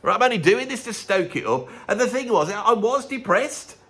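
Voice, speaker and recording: A middle-aged man with a Birmingham accent chats to camera in a sarcastic, animated vlog. His voice sits a little high for a man, and his pitch swings widely as he talks. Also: a little fast. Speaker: musician and YouTuber. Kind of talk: casual vlog talking to camera.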